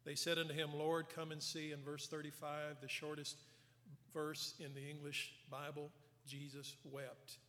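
An earnest man preaching in a church sanctuary, his slightly high voice carrying a long hall reverb. He retells scripture with voiced quotes and drops soft for emphasis. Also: monotone, measured pace. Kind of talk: sermon.

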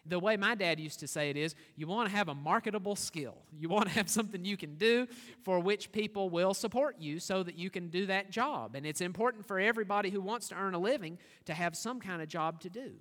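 A man's voice: high voice, brisk, hardly any pauses, fairly bright tone. A man preaching a sermon, earnest and full of rhetorical questions, building to an emphatic scripture reading. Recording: long reverb of a church hall.

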